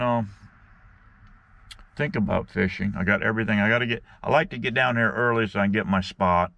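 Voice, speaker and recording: A man's voice: lowish voice, brisk, creaky, sharp tone, slight background noise. A man vlogging from his fishing spot on a bank outdoors, telling a rambling folksy story and calling his viewers "guys". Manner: folksy, rambling, keeps saying "guys" and "right".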